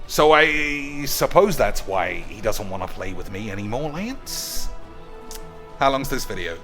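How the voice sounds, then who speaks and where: A man ranting sarcastically over gameplay, crude and rambling, jumping into high mock shouts. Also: expressive, unhurried, soft background music. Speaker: gaming video host.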